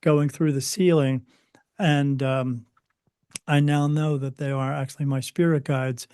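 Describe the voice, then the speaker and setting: A man recounting personal experiences as an interview guest, earnest and halting, often repeating words as he goes. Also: medium pitch, flat delivery, a little mellow, smooth, dry recording, clean studio sound. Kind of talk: personal storytelling.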